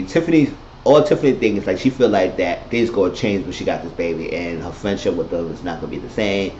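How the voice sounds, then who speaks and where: A man's voice: deep voice, fast, darkish tone, slight background noise. A man giving a casual, rambling, profane recap of a TV episode. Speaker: TV recap vlogger. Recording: roomy lo-fi home recording.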